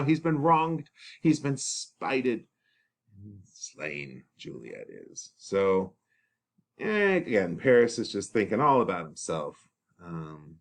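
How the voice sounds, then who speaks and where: A man teaching, explaining a play to students in a casual, chatty way. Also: lowish voice. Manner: casual and chatty, with fillers and laughs.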